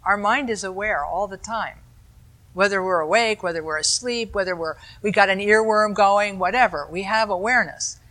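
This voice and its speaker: A woman teaching meditation in a calm dharma talk, her voice bright and clear. She explains patiently and turns to her listeners with easy asides. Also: mid-range voice, moderate pace.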